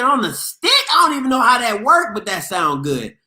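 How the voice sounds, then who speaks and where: A man hosting a casual sports call-in show, playful and loud, reading the chat aloud and breaking into shouts and laughter. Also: high-pitched, wildly swooping pitch, normal speed, hardly any pauses, roomy sound. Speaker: sports show host taking callers.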